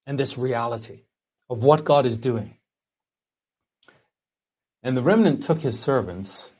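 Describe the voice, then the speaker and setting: A man preaching a sermon to his congregation, reading scripture aloud slowly and earnestly. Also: medium pitch, darkish tone, breathy edge. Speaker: pastor.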